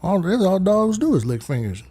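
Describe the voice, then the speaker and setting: Brief: livestream host, man, rambling storyteller, very lively pitch. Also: moderate pace. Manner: rambling storyteller, slips in voices. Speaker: live stream host. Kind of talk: casual comedic chat on a live stream.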